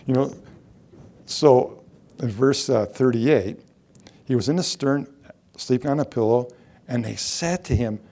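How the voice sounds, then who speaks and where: A man's voice: medium pitch, slow, gravelly, long pauses, a little mellow. A middle-aged man preaching a sermon, asking rhetorical questions and reading scripture aloud.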